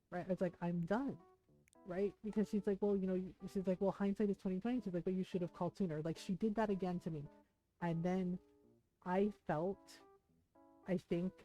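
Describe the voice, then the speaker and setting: A woman's voice: on the low side, dark tone, rough recording. A middle-aged woman streamer telling a story in casual, emphatic chat, laughing often.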